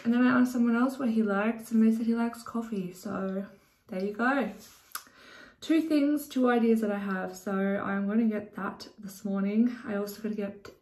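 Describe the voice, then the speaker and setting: A woman's voice: mid-range voice, fairly even intonation, moderate pace, darkish tone, no room sound. A young Australian woman chatting casually to camera while running errands, self-mocking and swearing now and then. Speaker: vlogger. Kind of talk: casual vlog chat. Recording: clear car and road noise.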